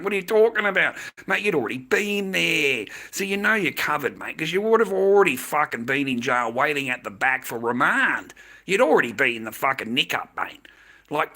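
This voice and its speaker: Australian man, swearing livestream rant, bright husky voice, heated. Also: fairly high pitch. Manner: swearing, heated, repeats himself.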